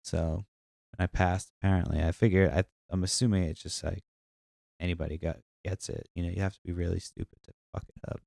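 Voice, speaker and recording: A man's voice: low-pitched, gravelly, warm tone, dry recording, clean studio sound. A young man with a stuffy nose, hosting a podcast as a rambling, profane casual monologue full of fillers. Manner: profane, meandering storytelling with many fillers. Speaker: podcast host.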